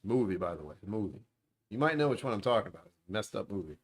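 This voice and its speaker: A man with a fairly low voice talks into a desk mic at home, hosting a loose, meandering livestream. He drifts between topics with a dry, sarcastic streak and pokes fun at himself. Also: very animated, fast talker, slightly rough. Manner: sarcastic, meandering, self-deprecating. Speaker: livestream host. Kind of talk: rambling casual livestream chat. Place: at home, dishwasher running nearby.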